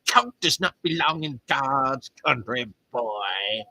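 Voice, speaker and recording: A man's voice: medium pitch, lively intonation, takes it slowly, bright, forceful tone, no room sound, exaggerated voice, poor audio. A man voicing a furious, scheming preacher in a ranting, sermon-like delivery. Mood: menacing. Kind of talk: storytelling with character voices.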